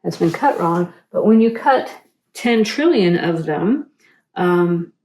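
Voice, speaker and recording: A middle-aged woman talks through a quilting tutorial as she sews. Her voice sits low and mellow, and she wanders into rambling, self-deprecating asides. The room around her is echoey. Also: animated, slow, slight background noise. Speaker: quilting instructor. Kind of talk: casual tutorial chat while sewing.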